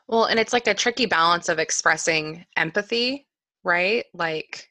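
A woman in her thirties talks over a video call with a bright, forceful edge on a lowish voice. She is animated and laughs easily, and the sound is dry. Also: normal speed, dry recording. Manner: animated, laughs often, acts out her toddler. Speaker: podcast co-host. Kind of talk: casual chat.

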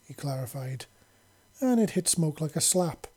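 An amateur narrator reads a fan-fiction story aloud. The voice is mellow and slightly husky. The delivery is unpolished and often stops to correct its own slips. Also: medium pitch, animated, normal speed. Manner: unpolished reading with self-corrections.

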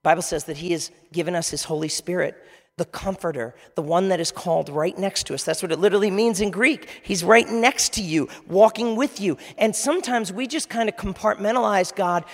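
Gravelly-voiced pastor preaching in a hall. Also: male voice, high-pitched, brisk. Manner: conversational preaching, asks the audience questions. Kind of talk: sermon. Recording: long reverb of a large hall.

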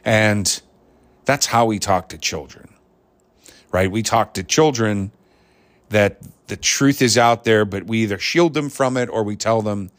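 A man's voice: fairly low pitch, measured pace. A man talking in a rambling, reflective monologue full of fillers and restarts. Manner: reflective, grows more animated on points. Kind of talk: casual monologue.

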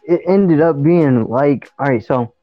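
A man's voice: on the high side, measured pace, faint music behind. A young man telling a story in rambling, slangy casual chat, laughing along. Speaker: podcast co-host. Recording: dry, tinny phone-like sound.

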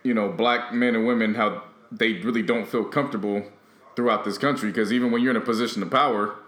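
A man co-hosting a podcast in casual chat, laying out his opinions with steady reasoning. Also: lowish voice, quick pace, roomy sound. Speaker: podcast co-host.

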